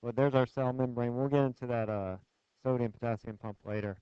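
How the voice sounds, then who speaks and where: A man's voice: mid-range voice, steady tone, a little fast, smooth, no echo. Man lecturing physics. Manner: conversational, asks the class questions and jokes. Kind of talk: classroom lecture with clicker questions. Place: lecture hall. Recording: dull lo-fi classroom screencast audio, dry.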